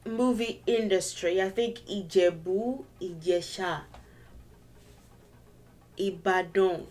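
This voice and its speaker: Young woman teaching a language lesson on video, slow and patient, repeats stuff, normal mid voice. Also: mid-range voice, a little mellow, soft background music. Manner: explains patiently, repeats steps and sings a little memory song.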